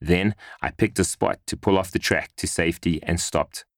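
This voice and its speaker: A man reading a first-person memoir in a measured, earnest storytelling manner. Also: low-pitched, no room sound, studio quality. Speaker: narrator.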